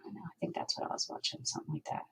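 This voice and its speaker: A woman's voice: rapid-fire, fairly bright tone, poor audio. A woman hosting a crafting livestream, chatting casually and thinking aloud as she works. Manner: chatty, thinking aloud while working, with asides and laughs.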